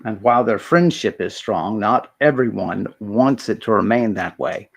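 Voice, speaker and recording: A man's voice: on the low side, normal speed, gravelly. A man voicing a stern female leader in a fantasy tabletop game, giving firm orders in his own voice. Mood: commanding.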